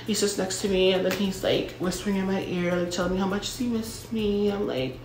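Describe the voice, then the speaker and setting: A woman's voice: medium pitch, fairly quick, a little mellow, a little hiss or hum. A young woman spins a comedic storytime in a brash, self-absorbed valley-girl voice, with "like" dropped into every other phrase and casual swearing. Her voice sits in an ordinary middle register. The recording carries a roomy echo. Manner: ditzy valley-girl talk full of "like".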